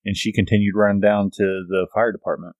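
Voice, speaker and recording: A man's voice: on the low side, little pitch movement, fairly quick, a little mellow, no room sound. A man co-hosting a podcast in casual chat, blunt and profane. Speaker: podcast co-host.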